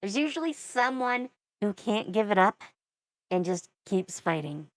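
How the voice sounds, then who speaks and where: A woman's voice: mid-range voice, very animated, unhurried, no room sound. A woman in her forties giving casual reaction commentary as a VTuber, with wry, rambling asides.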